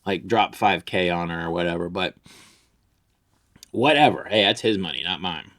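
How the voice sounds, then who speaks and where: Low-voiced man in a crude rant. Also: moderate pace, a bit bright. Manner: boastful, vulgar, rambling. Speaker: comedy vlogger.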